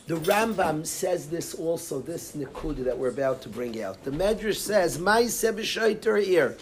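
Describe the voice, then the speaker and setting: A man's voice: sits high, lively intonation, moderate pace, a little hiss or hum. A rabbi teaching a lecture class, telling a story and explaining each source line while often repeating and restarting his phrases.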